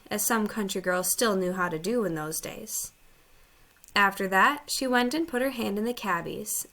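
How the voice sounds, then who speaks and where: A woman narrating a storybook in an even, clear read. Her voice sits at a middling pitch for a woman and keeps a steady storytelling flow. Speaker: audiobook narrator. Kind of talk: scripted narration.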